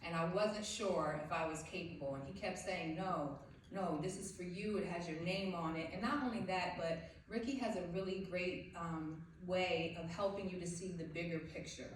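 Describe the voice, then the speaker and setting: A woman's voice: lowish voice, normal speed, slight background noise. A woman from South Jersey giving a heartfelt, faith-filled award acceptance speech from a stage. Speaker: award recipient. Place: event hall stage. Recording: very echoey hall, far from the mic.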